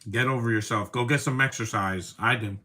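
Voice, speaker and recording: Guy doing live movie commentary, bright voice, mid pitch, rambly hot takes. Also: brisk. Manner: rambling, opinionated asides.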